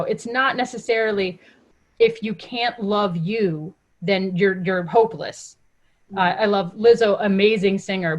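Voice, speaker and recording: Woman on a podcast, animated storyteller, acts out little quotes, easygoing chat. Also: mid-range voice. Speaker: podcast guest, mom coach. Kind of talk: casual interview chat.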